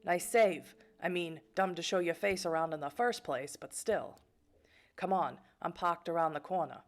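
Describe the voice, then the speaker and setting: A woman voicing a gravelly streetwise vampire man. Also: on the high side, moderate pace, lightly acted. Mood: wry.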